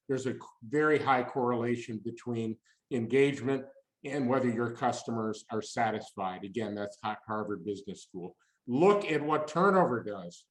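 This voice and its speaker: A man giving a webinar talk on employee engagement, emphatic and punchy, firing off rhetorical questions. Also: medium pitch. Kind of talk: webinar presentation. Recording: roomy echo.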